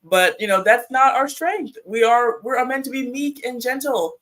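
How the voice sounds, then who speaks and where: A woman speaking as a panel guest in casual chat, talkative and lively. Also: fairly high pitch, normal speed. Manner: chatty, acts out quotes, laughs.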